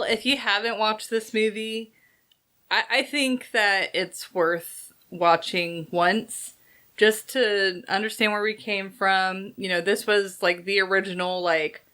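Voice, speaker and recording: A woman's voice: medium pitch, sharp tone. A woman hosting a podcast, talking casually about a film with hesitant phrasing and many fillers. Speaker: podcast host. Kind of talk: casual movie review chat.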